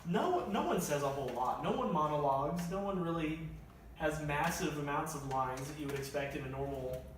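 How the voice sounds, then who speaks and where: A young man chatting about movies in a casual roundtable review, thoughtful and measured. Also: on the high side, animated. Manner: thoughtful, measured, hams up quotes. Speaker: film reviewer. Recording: echoey room, distant mic, faint hiss.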